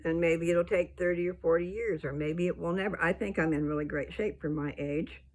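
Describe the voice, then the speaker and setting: An older woman ranting bluntly to her viewers, scolding and rambling, with her voice jumping up into high indignant peaks. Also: steady tone, fairly quick. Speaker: vlogger. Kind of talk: casual rant to camera.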